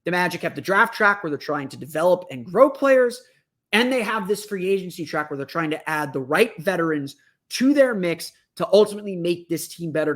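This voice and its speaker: High-voiced man hosting a sports podcast. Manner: thinking aloud, many restarts and fillers. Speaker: podcast host. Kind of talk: solo podcast analysis.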